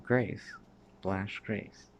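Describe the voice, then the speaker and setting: A man's voice: drawn-out words, a little hiss or hum. A man in his thirties from Canada, telling his own memories in a rambling monologue that drifts from one thing to the next, swearing often and sometimes dropping to a mutter. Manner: sometimes drops to a mutter or whisper.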